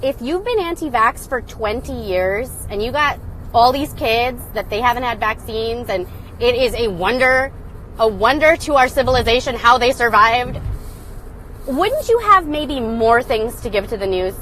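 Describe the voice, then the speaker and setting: A young woman hosting a casual live stream, talking loudly and excitedly in a sarcastic, mocking way. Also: fairly high pitch, moderate pace, slight background noise, low-quality recording. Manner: loud and excited. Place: indoors, phone live stream. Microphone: phone.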